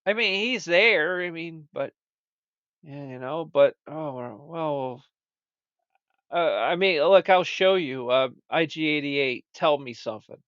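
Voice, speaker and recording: A man hosting a comedic chat show, rambling and stammering in a lively, swooping voice with a slightly raised pitch. The recording is dull and lo-fi, with a dry, close sound. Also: takes it slowly, clean tone, no echo. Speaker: show host.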